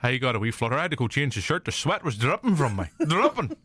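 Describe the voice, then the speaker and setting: A man's voice: mid-range voice, expressive, very fast, fairly bright tone, husky. A man with a Northern Irish accent hosting a podcast, chatting casually in a jokey, rambling way. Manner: jokey, rambling storyteller who laughs often. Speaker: podcast host. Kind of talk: casual chat.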